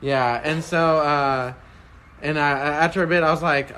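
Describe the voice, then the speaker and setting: A man's voice: fairly high pitch, steady tone, unhurried, sharp tone, a little hiss or hum. A young man on a casual podcast, telling a long story in a loose, rambling way, full of "like" and laughs.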